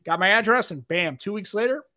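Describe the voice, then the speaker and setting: A man's voice: high-pitched, lively intonation, fairly quick, bright, forceful tone, no room sound, studio quality. A male podcast host in casual chat, rambling and chatty, swearing freely.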